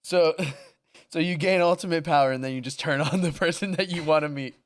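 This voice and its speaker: A man's voice: a little high, brisk. A man co-hosting a casual podcast chat, laughing often and swearing casually. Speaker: podcast co-host.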